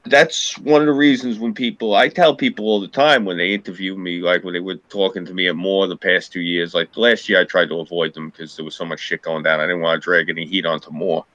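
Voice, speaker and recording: Blunt New York man, bright dry voice. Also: low voice, steady tone, a little fast, few pauses, dry recording, muffled recording. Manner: blunt, profane, combative. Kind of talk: casual political chat.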